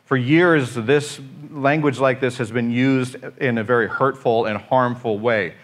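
A man preaching a conversational sermon, informal and joking, often pausing on "uh" and restarting his sentences. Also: mid-range voice, fairly even intonation. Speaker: pastor.

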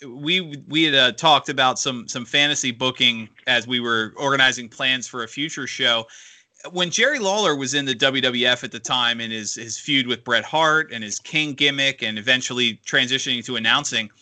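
A man's voice: medium pitch, moderate pace, bright, forceful tone. A man hosting an interview show, asking long, winding questions with many restarts. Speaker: interview host. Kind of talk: radio interview.

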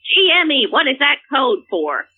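A woman's voice: high voice, big pitch swings, normal speed, slight background noise. A woman calling in to a comedy show and ranting indignantly, talking over the host. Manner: brash, indignant, talks over others. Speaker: caller. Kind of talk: comedic call-in rant. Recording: phone line.

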